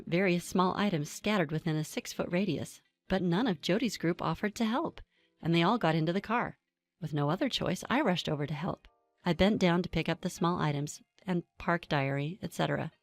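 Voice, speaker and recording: A woman narrates a first-person story in a calm, even manner, adding the odd dry aside. Her voice sits on the low side for a woman, and faint background music runs beneath the narration. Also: fairly quick.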